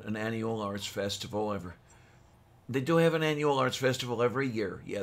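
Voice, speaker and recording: A man co-hosting a podcast, chatting casually, easygoing and halting, with many ums and dry asides. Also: on the low side, a bit bright. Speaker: podcast co-host. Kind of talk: casual chat.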